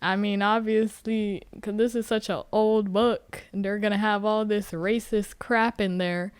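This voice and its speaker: A woman's voice: medium pitch, measured pace, smooth, no room sound. A woman hosting a podcast, recapping a book in a casual, joking way with free swearing. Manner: animated, joking, swears freely. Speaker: podcast host.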